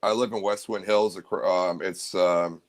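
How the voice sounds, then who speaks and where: A man chatting as a guest on a video call, laid-back and halting, with many fillers. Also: sits low, steady tone. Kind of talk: casual chat.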